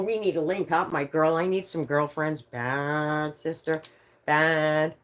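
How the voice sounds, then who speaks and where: Low-voiced woman in her fifties, chatting. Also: moderate pace. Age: 50s. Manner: animated, swears freely, reads out chat comments. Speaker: livestream host. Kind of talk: casual livestream chat with viewers.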